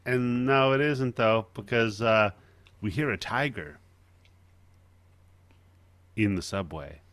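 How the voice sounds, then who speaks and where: A man's voice: on the low side, slow pace, a bit bright, no room sound. A man hosting a podcast, recapping a horror film in wry casual chat with frequent laughs. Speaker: podcast host.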